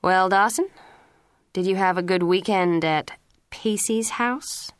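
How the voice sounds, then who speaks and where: A woman's voice: medium pitch, slow, clean tone, dry recording, natural voice. A woman reading as a stern scolding father. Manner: firm, lecturing. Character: stern middle-aged father scolding his son.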